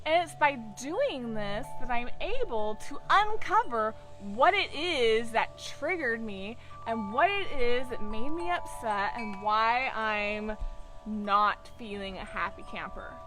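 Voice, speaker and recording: Slow bright-voiced woman teaching. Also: a little high, expressive, soft background music. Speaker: tantra teacher. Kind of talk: casual teaching chat.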